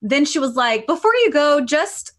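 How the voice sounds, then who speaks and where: A woman's voice: high-pitched, sing-song, normal speed, fairly bright tone. A woman voice actress on a panel, telling an anecdote in a chatty way, full of fillers and restarts. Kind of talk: casual anecdote.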